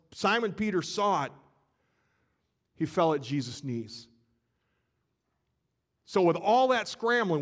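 A man preaching a sermon, retelling a scene and acting out the voices in it with shifting energy. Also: a little high. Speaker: pastor.

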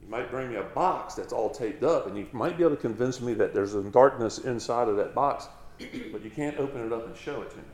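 A male pastor preaching a sermon in a conversational way, now and then slowing down to stress key words emphatically. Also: mid-range voice, reverberant.

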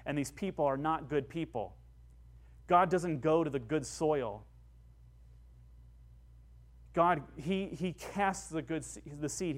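Male pastor, sermon, passionate preaching, emphatic peaks, higher-pitched voice.

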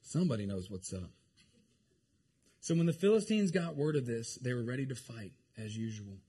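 A man preaching a lively, joking sermon to his congregation. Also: mid-range voice, normal speed, breathy edge. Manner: animated, jokey, talks to the congregation. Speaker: pastor.

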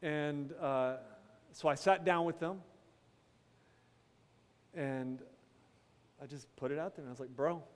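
A man, a pastor, preaching a sermon with dramatic pauses, dropping from loud to hushed and breaking into casual storytelling. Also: a little high. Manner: casual storytelling with quick asides. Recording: long hall reverb.

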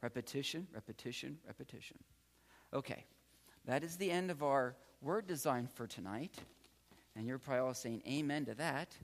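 A man giving a patient, encouraging classroom lecture as a Greek teacher, often repeating key words. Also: medium pitch. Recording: long hall reverb.

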